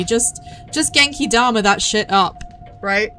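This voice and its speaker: A woman's voice: mid-range voice, expressive, slow, pauses often, a bit bright, slight background noise. A young adult woman streaming a game, chatting casually, reading game text aloud and joking about herself. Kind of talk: casual gameplay commentary.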